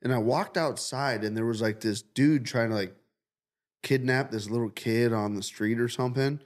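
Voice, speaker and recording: A man's voice: medium pitch, moderate pace. Male co-host, casual, rambling profane storyteller. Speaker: podcast co-host. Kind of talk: casual chat, telling a dream story.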